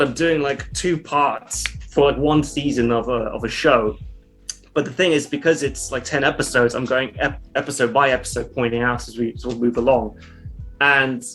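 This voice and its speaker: A man with a medium-pitched, fairly bright voice speaks as an interview guest. His talk is loose and rambling, packed with fillers and the occasional swear word, in the manner of a casual interview chat.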